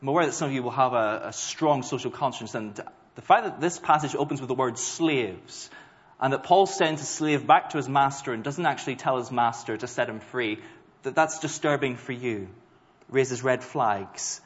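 A man preaching a sermon to a congregation, earnest and emphatic, leaning on slow stressed words. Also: mid-range voice. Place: church hall. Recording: dull sound with long hall reverb.

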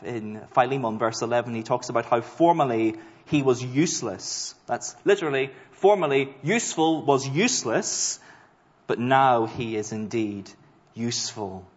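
Man preaching in a reverberant hall. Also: medium pitch. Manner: earnest, varied emphasis with slow stressed words. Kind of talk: sermon. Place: church hall. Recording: dull sound with long hall reverb.

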